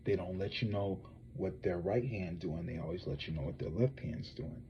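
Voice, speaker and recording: Profane, animated male gossip streamer. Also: low-pitched, moderate pace, lo-fi sound, background noise. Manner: profane, animated, talks straight to viewers. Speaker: psychic tarot reader and gossip host. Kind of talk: casual celebrity gossip livestream.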